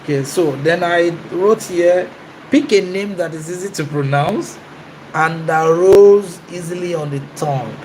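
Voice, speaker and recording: A man's voice: on the high side, a little slow, background noise. A man, a business coach giving an emphatic talk and answering his own questions. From Nigeria.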